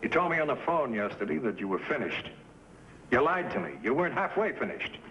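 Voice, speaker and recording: A man's voice: medium pitch, very animated, a little fast, pushed and bright. An actor playing a blunt, exasperated male talent agent in a 1950s TV drama. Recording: dull old TV soundtrack with faint hiss.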